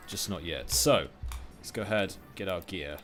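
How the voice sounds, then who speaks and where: A man's voice: low voice, normal speed, fairly bright tone, faint music behind. A man hosting a let's-play, chatting casually over his gameplay with plenty of fillers and restarts. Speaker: gaming let's-play host. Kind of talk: casual game commentary.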